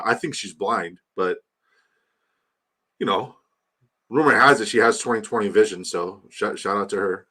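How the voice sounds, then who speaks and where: Bright, jokey man chatting on stream. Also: on the low side. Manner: rambling, jokey, shouting out viewers by name. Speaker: streamer hosting a fantasy football draft stream. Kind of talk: casual live-stream chat.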